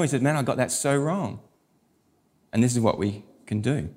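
A middle-aged pastor, preaching a sermon and telling stories with animated quoted voices. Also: male voice, mid-range voice, normal speed.

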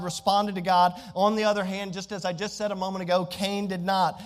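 A man preaching a sermon as pastor, emphatic and repeating his key phrases. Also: sits high. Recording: long hall reverb.

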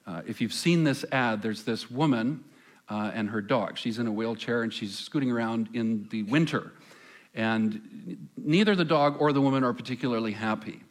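A man preaching a sermon as pastor on a church stage, conversational, asking the congregation questions and pausing for effect. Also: mid-range voice. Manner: conversational, asks the congregation questions, dramatic pauses.

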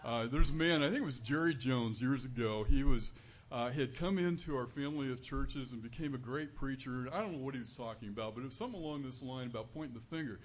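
A man's voice: medium pitch, fast. Earnest man preaching a sermon. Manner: earnest, conversational preaching with rising emphasis. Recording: dull lo-fi recording with faint room noise.

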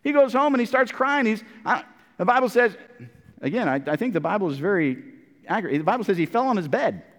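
A man's voice: sits high, very animated, fast, in a large hall. A male preacher giving a conversational sermon and retelling a story, often repeating words as he goes.

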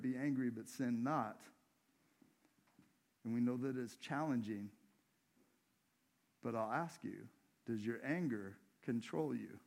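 A man's voice: medium pitch, darkish tone. A man preaching a sermon in a church, in a conversational way, putting questions to the congregation. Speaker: pastor.

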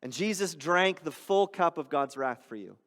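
A man preaching a sermon in a church hall, talking conversationally with rhetorical questions and swinging between loud and hushed delivery. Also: a little high, lively intonation, normal speed. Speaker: pastor.

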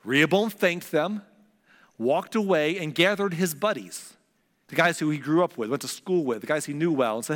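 A pastor preaches a sermon in a large hall, retelling scripture in casual modern speech and animatedly acting out its characters. His voice is on the high side, delivered at normal speed.

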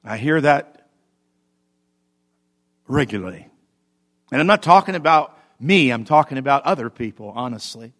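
A man, a pastor, preaching a sermon with animated swings between loud emphasis and quiet asides. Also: medium pitch, normal speed, pauses often. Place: church.

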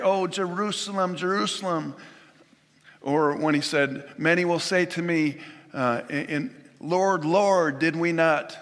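A man preaching a sermon in an earnest, measured way, quoting scripture and retelling stories. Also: on the high side, pushed and bright, long reverb tail. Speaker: pastor.

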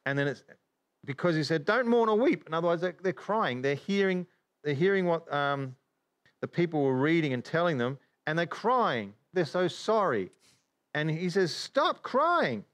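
A man teaching from the Bible in casual chat, animated, with many restarts. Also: fairly high pitch, moderate pace. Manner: animated, acts out regretful inner voices, many restarts.

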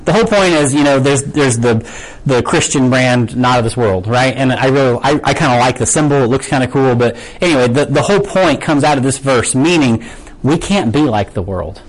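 A man's voice: mid-range voice, expressive, a little fast, poor audio. A man preaching a casual, conversational sermon to his congregation, often asking "right?" and loosely losing and finding his place. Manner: chatty, asks "right?" often, loses his place and laughs it off. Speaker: pastor.

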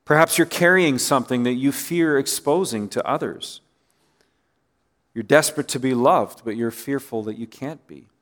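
A man's voice: mid-range voice, moderate pace, a bit bright. Man, pastor, conversational sermon, mid-range voice, rhetorical questions, trailing phrase endings.

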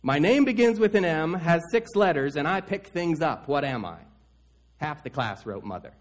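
A man with a fairly high voice preaches from the pulpit of a church. He tells his stories with sweeping rises and drops in pitch and loudness, now loud, now almost hushed. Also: animated, moderate pace. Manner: storytelling with wide swings in pitch and loudness. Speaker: pastor. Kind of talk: sermon.

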